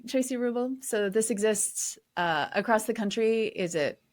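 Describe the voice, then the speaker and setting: A woman's voice: fairly high pitch, normal speed. A woman hosting a podcast, asking short, encouraging follow-up questions and closing the episode. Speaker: podcast host. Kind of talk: podcast interview and outro.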